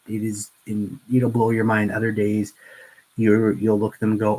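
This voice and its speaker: A middle-aged man chats through a livestream as he paints miniatures, his voice sitting a little low. He rambles earnestly, often restarting his sentences, and talks straight to his viewers. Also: completely flat delivery, normal speed, a little mellow, rough recording. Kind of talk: casual livestream chat.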